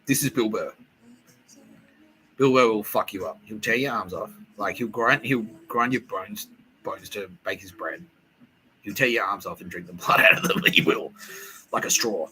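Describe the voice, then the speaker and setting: A man hosting a podcast, riffing in a profane, excitable, repetitive comedic monologue. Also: lowish voice, moderate pace, long pauses, slight background noise, low-quality recording. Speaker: podcast host.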